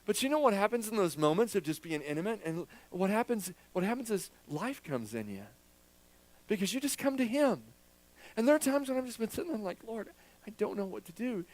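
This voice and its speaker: A man's voice: high-pitched, big pitch swings, a little fast, rough recording. A man preaching a sermon as a pastor in church, candid and self-deprecating, joking with his congregation.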